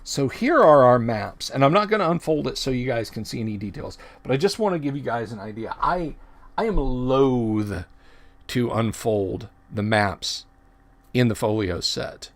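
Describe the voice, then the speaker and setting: A middle-aged man hosts a relaxed livestream chat at an ordinary, middling pitch. He talks in a loose, rambling way, circling back to fix his own words as he goes. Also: normal speed. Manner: rambling, self-correcting, chatty. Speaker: livestream host.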